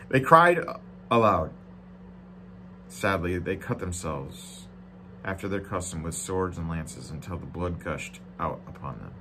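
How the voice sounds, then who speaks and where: A male pastor with a fairly low voice preaches, reading scripture and breaking in with dry jokes. He moves between loud, emphatic declarations and quiet, hushed reflection. A faint hum runs underneath. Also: measured pace. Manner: reads scripture aloud with asides and jokes. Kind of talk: sermon. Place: church.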